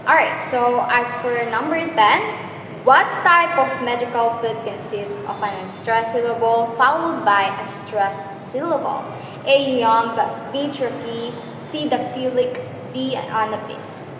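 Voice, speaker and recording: A woman's voice: a little high, measured pace. A woman teacher, walking students through exam review questions step by step and checking in with them as she goes. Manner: explains step by step, checks in with "okay?". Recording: echoey room with loud background noise.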